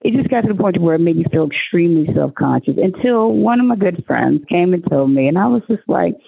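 Brief: animated, slangy woman from Oklahoma, husky and gravelly, dry phone-like sound. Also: fast, no echo. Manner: animated, slangy, acts out quotes in a high voice. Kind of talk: casual storytelling chat.

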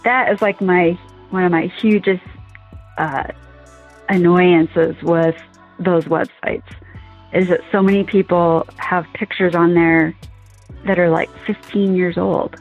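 A woman from Montana chatting as a podcast guest, relaxed and quick to laugh. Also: fairly low pitch. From Montana, USA. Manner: laughs easily, relaxed with fillers. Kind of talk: casual interview chat. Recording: phone-like line with faint music.

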